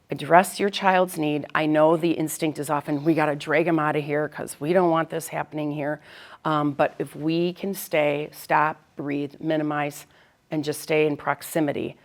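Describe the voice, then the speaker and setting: Low, gravelly-voiced woman counselor. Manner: conversational, practical, checks in with "right?". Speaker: school counselor presenter. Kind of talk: parent education talk.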